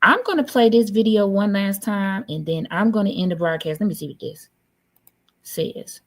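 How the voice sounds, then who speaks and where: A woman's voice: mid-range voice, moderate pace. A woman hosting a livestream, effusive and upbeat as she talks to her guest and viewers. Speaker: livestream host. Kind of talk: casual chat.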